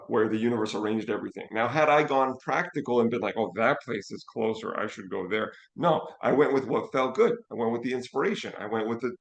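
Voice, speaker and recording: A man telling stories in easy conversation, lively and eager to act out what he said and felt. His voice sits in a middle range and carries the echo of a roomy space. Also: medium pitch. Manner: animated storyteller, acts out his own reactions. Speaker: financial educator and co-host. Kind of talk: casual storytelling chat.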